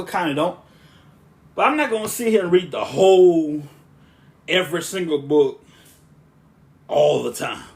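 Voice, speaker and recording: A podcast host with a slightly high, smooth voice that stays monotone and relaxing. He rambles casually, breaking off and restarting sentences as he goes. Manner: rambling, with frequent restarts and asides.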